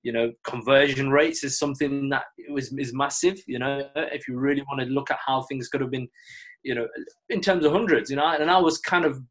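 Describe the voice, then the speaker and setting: Relaxed, reflective man telling stories. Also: medium pitch, a little fast. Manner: relaxed, reflective, acts out quoted dialogue. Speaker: former cricketer and coach. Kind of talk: casual interview storytelling.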